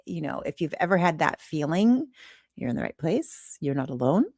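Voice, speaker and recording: A woman's voice: low-pitched, animated, a little fast, dry recording, studio quality. A woman hosting a podcast, guiding the talk in an encouraging, supportive way. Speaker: podcast host. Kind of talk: candid podcast conversation.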